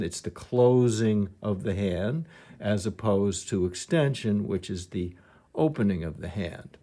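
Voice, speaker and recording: A man's voice: fairly low pitch, dark tone. A man teaching piano technique, explaining patiently and thinking aloud, with some restarts as he demonstrates.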